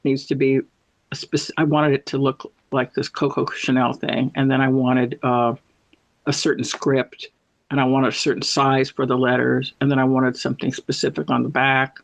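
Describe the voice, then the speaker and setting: A man's voice: mid-range voice, flat delivery, normal speed, vocal fry, dry recording. A man chatting casually and telling a meandering story full of self-corrections, as a guest. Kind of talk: casual anecdotal chat. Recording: dull lo-fi sound.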